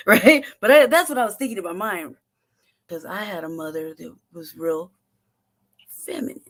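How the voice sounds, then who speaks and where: A woman host telling a story in a casual, profane, animated way, laughing often and acting out what people said. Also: mid-range voice, normal speed, long pauses. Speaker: show host.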